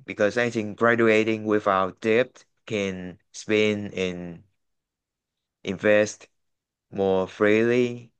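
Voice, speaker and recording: Male IELTS candidate, native Vietnamese, lowish voice, hesitant practice answer. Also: a bit bright, clean tone. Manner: hesitant, many fillers and restarts. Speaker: IELTS student.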